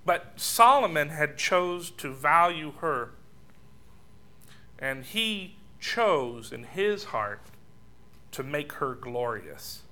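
A man preaching a sermon, telling personal stories with chuckles and at times sinking to a soft hush. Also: a little high, sing-song, very slow.

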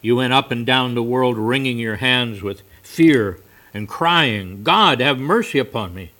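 Man playing a divine stranger, meek, majestic, soft yet stern, questioning. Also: medium pitch, lively intonation, unhurried.

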